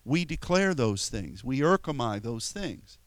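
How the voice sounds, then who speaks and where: A man's voice: big pitch swings, measured pace, no echo. A man preaching a sermon in an earnest, rambling way with many restarts, sometimes rising sharply for emphasis. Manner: rises sharply in pitch and volume for emphatic quotes.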